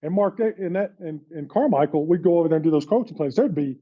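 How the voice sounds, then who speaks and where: A man in his fifties tells stories with animation and laughter as a podcast guest. His voice sits high for a man. The recording sounds dull and lo-fi. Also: quick pace. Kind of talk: storytelling in casual chat.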